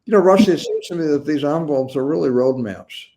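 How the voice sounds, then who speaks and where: An older man hosting a talk-show interview, asking questions in a measured, thoughtful way with a few stumbles. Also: on the high side, mellow. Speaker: host, attorney.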